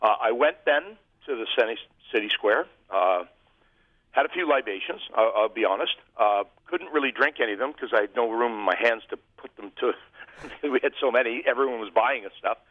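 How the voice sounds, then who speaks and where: A man's voice: medium pitch, fairly quick, no room sound. Male guest, ex-goalie, chatty self-deprecating storyteller, phone-quality audio. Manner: humorous, self-deprecating anecdotes. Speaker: guest, former hockey goalie. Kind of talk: casual interview storytelling. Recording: tinny phone-like line.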